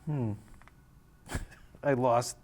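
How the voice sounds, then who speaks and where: A man's voice: medium pitch, fairly even intonation, extremely slow, darkish tone, a little hiss or hum. A man co-hosting who laughs and stumbles over his lines in joking outtakes banter. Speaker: co-host.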